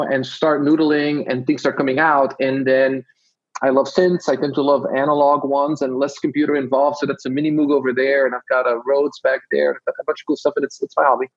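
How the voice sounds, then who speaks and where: A man's voice: on the high side, lo-fi sound. A man from Belgium with a Dutch-tinged English accent, chatting as an interview guest and telling rambling stories with acted-out quotes. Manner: rambling, storytelling, acts out quotes. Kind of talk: casual chat.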